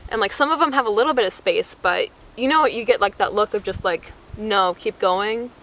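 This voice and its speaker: A woman's voice: medium pitch, animated, fast talker, fairly bright tone, rough recording. A young American woman telling a travel mishap story in a casual, breathless way, full of "like" and acted-out quotes. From United States. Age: young adult. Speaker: vlogger.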